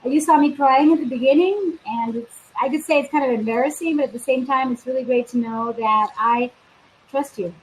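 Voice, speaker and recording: A woman life coach hosts a live video stream in a high, bright register. She chats casually and upbeat, talking straight to her viewers. Her call mic picks up some faint background noise. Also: fairly quick, poor audio.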